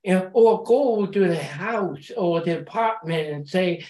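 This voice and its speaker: A woman's voice: fairly low pitch, slow pace, reverberant. A woman sharing at a support group meeting, encouraging the room as she speaks, often repeating words as she restarts. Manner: warm, encouraging. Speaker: recovery meeting member.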